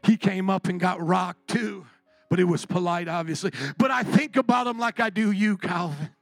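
A man preaching a sermon as pastor, impassioned, swinging from quiet and tender to shouting. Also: high voice, normal speed, no echo, faint music behind.

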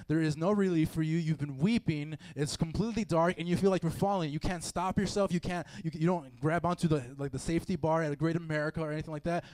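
A man with a fairly high, slightly mellow voice and no echo gives a casual sermon to a youth group gathered live in a meeting room. As their youth preacher, he keeps it chatty and filler-heavy, acting out quoted feelings.

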